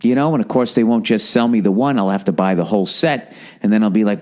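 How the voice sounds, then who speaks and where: A man's voice: fast, a little mellow. A middle-aged man from the United States hosting a podcast, riffing in a rambling, exasperated comic monologue full of profanity. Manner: frequent profanity, exasperated, mimics people in high voices. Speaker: podcast host.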